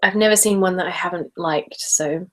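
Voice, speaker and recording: A British woman hosting a casual live stream, reading viewer comments aloud in a chatty way on a stereo recorder, at times dropping into soft whispers. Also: lowish voice, normal speed. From Britain. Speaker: ASMR channel host. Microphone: stereo handheld recorder.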